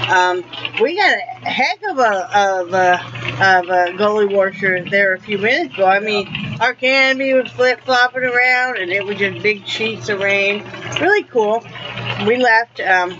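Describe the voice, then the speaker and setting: A woman, rambling folksy casual chat as a vlogger. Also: mid-range voice. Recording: dull lo-fi home recording with loud noise.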